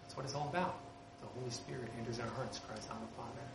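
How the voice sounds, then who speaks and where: A man's voice: medium pitch, fairly even intonation, fast. A man preaching a sermon as a pastor, earnest and conversational, lifting his voice to stress key points. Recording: roomy with background noise.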